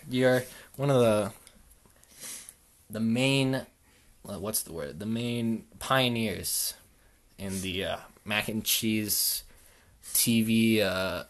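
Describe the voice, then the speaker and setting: A man hosting an improvised comedy podcast, talking deadpan and mock-sincere with halting restarts. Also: fairly low pitch. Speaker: podcast host.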